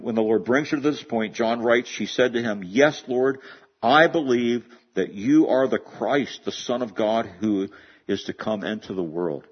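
A man's voice: mid-range voice, slightly rough, highs cut off. A man preaching a sermon in an earnest way, often repeating words as he builds a point. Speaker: pastor.

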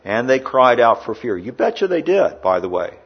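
A man preaching a sermon in a church, rising loud in the story and dropping quiet for asides. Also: medium pitch, sing-song, moderate pace, breathy edge, lo-fi sound. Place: indoor air-conditioned church.

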